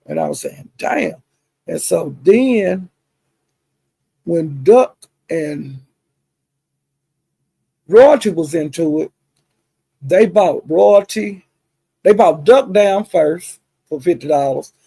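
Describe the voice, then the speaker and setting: A woman with a husky, gravelly voice tells a gossip story in a casual livestream chat. She talks in an animated, chatty way, full of asides and the odd curse word. The sound is close and dry, with no room around it. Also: fairly low pitch, takes it slowly, pauses often, no room sound. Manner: chatty, animated retelling with frequent asides and cussing. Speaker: livestream host.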